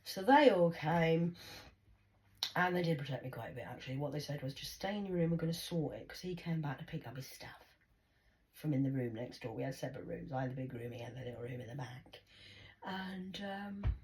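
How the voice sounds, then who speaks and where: A woman's voice: rumbling low, animated, fairly quick, darkish tone. A middle-aged woman with a Geordie accent, telling a rambling, sweary story in a casual monologue. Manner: rambling, sweary, jumping between voices.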